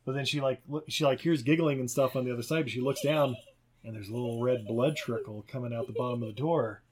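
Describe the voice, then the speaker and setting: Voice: steady tone, fast, a crowd in the background. Profane, rambling movie podcast host. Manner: rambling, profane, laughing, acting out characters in high voices. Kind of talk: casual movie recap chat.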